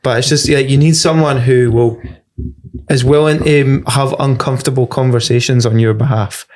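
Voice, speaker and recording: A Scottish man with a mid-pitched voice chats on a podcast as a guest comedian. He swears freely and winds through loose, rambling anecdotes, his speech full of restarts. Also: fairly even intonation, moderate pace, a little mellow. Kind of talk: casual podcast chat.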